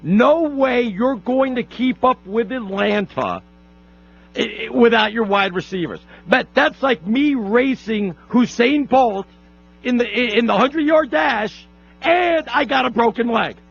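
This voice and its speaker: A brash, boastful male sports talk radio host whose high voice keeps catching on a gravelly edge. He stumbles and restarts as he talks, and the sound is dull and lo-fi, like an old radio feed. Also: lively intonation, measured pace.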